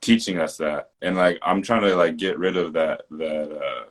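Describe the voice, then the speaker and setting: A man's voice: low-pitched, normal speed. A man hosting a podcast, speaking in a thoughtful, hesitant way and often repeating words while he searches for the next thought. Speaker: podcast host. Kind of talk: casual conversation.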